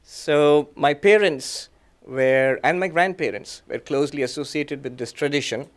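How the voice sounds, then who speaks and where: Soft-spoken monk, fairly high male voice. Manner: gentle, reflective, chuckles softly at his own anecdotes; speaks in short phrases with many "uh" and "um" pauses. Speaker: monk and guest speaker. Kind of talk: lecture with personal storytelling.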